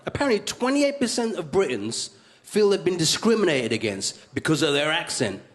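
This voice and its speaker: A male stand-up comedian, hosting a comedy show with quick, cheeky punchlines before a live audience. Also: on the high side, very animated, noisy background. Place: studio comedy stage with audience. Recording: live stage with loud crowd.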